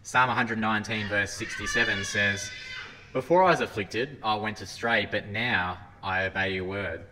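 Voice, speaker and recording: Bright-voiced man preaching in a hall. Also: lowish voice, normal speed, slight background noise. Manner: earnest, with frequent restarts and scripture readings. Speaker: lay preacher. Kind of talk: sermon talk. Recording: hall reverb, faint ambience.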